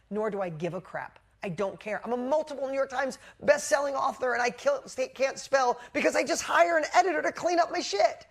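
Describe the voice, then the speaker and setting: Female coach, live motivational talk, blunt and high-energy, salty language. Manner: energetic, blunt, swears casually. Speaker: business coach. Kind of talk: motivational storytelling to a live group.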